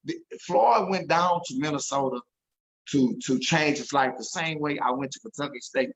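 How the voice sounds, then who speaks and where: A man's voice: a little high, normal speed, poor audio. A man telling an emotional story as an interview guest, earnest and repeating himself when moved.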